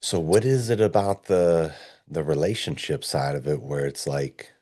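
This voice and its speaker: A man's voice: rumbling low, normal speed, mellow. A man hosting a conversation, reflecting thoughtfully and searching for his words.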